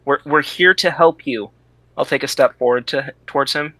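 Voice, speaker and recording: A man speaks as a player in a tabletop game, earnest and a little halting. His voice is bright and forceful, and the sound is dry and close. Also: medium pitch, dry recording, poor audio. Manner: earnest, hesitant, repeats words. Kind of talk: tabletop role-play.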